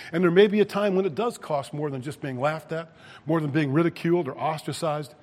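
Husky-voiced preacher in a reverberant hall. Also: male voice, a little high, fairly quick, darkish tone. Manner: preaching, rising to emphatic peaks on scripture. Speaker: pastor. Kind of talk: sermon.

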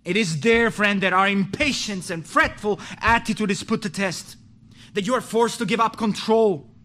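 A man preaching a sermon with passion, rising to loud pleading and dropping to low, quiet stretches, often restarting his words. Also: moderate pace. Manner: impassioned, swings from pleading loud to low and hushed.

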